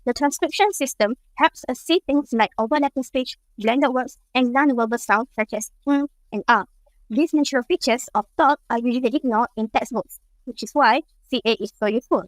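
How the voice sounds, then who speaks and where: A woman's voice: on the high side, fairly quick, no room sound, low-quality recording. A young woman from Malaysia, a university student, reading her part of a class presentation. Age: young adult. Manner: reads steadily from slides.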